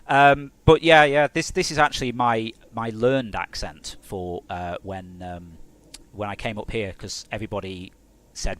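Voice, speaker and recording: A man's voice: lowish voice, fairly even intonation, measured pace, fairly bright tone. A man from Hertfordshire, England, a game developer chatting casually on a live stream in a rambling, self-mocking way.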